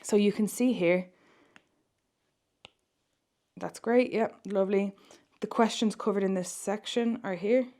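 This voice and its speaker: A woman's voice: mid-range voice, steady tone, a little slow, pauses often, mellow. A young woman teaching a French exam-prep lesson online, explaining in English and reading French questions aloud.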